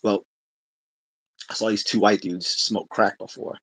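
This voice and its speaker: Livestream host, male, low husky voice, relaxed talky delivery with lots of restarts. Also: a little slow, no echo. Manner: conversational, laughs often, many restarts. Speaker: livestream host answering chat. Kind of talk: casual livestream chat.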